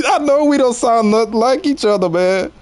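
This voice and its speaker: A man's voice: extremely high pitch, big pitch swings, a little slow, darkish tone. A man in his forties with a Southern US accent, chatting casually with his viewers while streaming a game and laughing often. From Louisiana. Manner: laid-back, laughs often, talks to chat. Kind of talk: casual chat while gaming.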